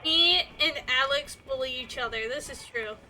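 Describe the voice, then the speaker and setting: A woman's voice: high voice, normal speed, pushed and bright, soft background music. A young woman streaming a game, chatting playfully and laughing with friends. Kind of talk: casual chat while gaming.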